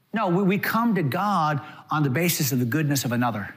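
A man preaching a sermon as pastor, lively and animated, acting out quoted voices along the way. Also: a little high, a little fast, few pauses.

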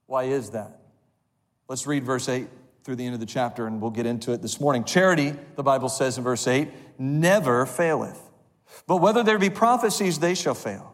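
A man preaching a sermon, reading scripture aloud and leading the congregation in call-and-response. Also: a little high. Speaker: pastor. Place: church sanctuary. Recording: long reverb of a church hall.

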